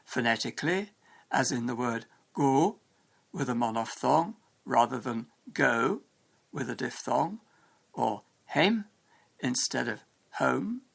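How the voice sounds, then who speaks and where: A man giving a scripted lesson in a measured, explanatory way. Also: medium pitch, vocal fry. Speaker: English teacher. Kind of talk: scripted educational narration.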